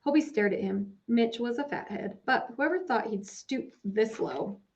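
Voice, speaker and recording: A woman narrating a children's novel in a measured storytelling manner. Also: fairly high pitch, a little mellow. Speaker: audiobook narrator. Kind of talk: scripted narration. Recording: dull lo-fi recording.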